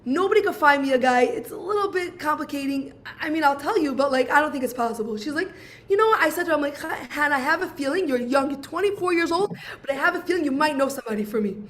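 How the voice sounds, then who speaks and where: Speaking at a quick pace in a high-pitched voice, a woman in her 40s from Brooklyn relates something from her own life. She brings the conversations to life by acting them out, with many "I'm like"s.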